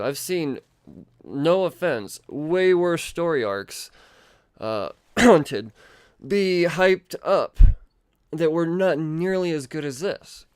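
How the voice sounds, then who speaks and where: A man rambles excitedly through a comic book review, swearing freely as he goes. His voice is smooth and resonant, and the close mic leaves it dry, with no room sound at all. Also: fairly high pitch, takes it slowly, dry recording. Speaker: podcast host.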